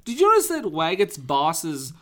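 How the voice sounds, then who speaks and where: A man with a bright, sharp voice discusses a film on a casual podcast. His tone is playful and jokey, and his pitch sits a little high. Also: huge pitch swings, moderate pace. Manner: playful, jokey, points out gags. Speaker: podcast co-host.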